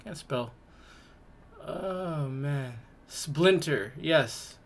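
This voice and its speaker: A woman's voice: low voice, extremely slow, a little hiss or hum. A woman hosting a podcast, giving casual reaction commentary in a mocking, exclaiming way and laughing in disgust. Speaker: podcast host.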